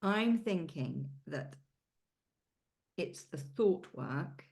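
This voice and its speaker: Low-voiced British woman, coaching client on a video call, chatty and candid. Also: lively intonation, extremely slow, vocal fry, darkish tone. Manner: chatty, swears casually, British idioms. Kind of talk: casual group coaching call.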